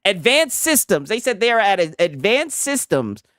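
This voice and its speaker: A man's voice: high voice, sing-song, normal speed, a bit bright, no room sound, clean studio sound. A man hosting a live stream, reacting casually in a loose, rambling way full of tag questions. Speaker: streamer host.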